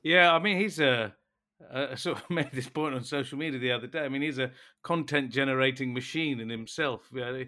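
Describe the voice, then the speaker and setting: A man's voice: medium pitch, brisk, pushed and bright. A man co-hosting a casual sports chat, teasing and chatty in his banter. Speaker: sports show co-host.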